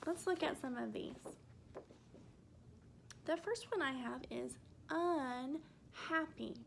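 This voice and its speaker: A woman teaching a first grade phonics lesson, speaking gently and spelling out letters slowly for young children. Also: sits high, vocal fry, a little hiss or hum.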